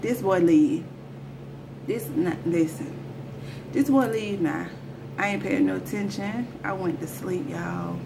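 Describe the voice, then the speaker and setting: A woman's voice: on the low side, takes it slowly, creaky, long pauses, noisy background. A woman telling a personal story to her viewers in a casual storytime vlog, talking in slang and speaking straight to them. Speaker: storyteller vlogger.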